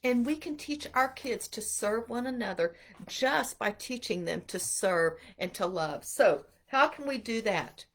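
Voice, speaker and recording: A middle-aged woman giving an earnest, animated inspirational talk to mothers about homeschooling. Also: a little high, measured pace. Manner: animated, earnest, acts out quotes. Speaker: homeschool speaker.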